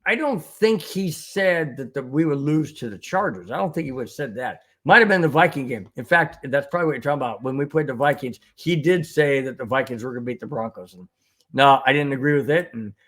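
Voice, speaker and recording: A man's voice: mid-range voice, animated, fairly quick, fairly bright tone. A man hosting a sports podcast, reading viewer comments and ranting sarcastically about the referees. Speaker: podcast host. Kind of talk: casual sports talk, reading chat comments.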